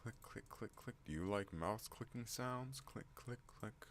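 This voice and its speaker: A man putting on a fussy, chiding voice for his own alter ego, noticeably higher than his usual speech. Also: unhurried, a bit bright, a little hiss or hum.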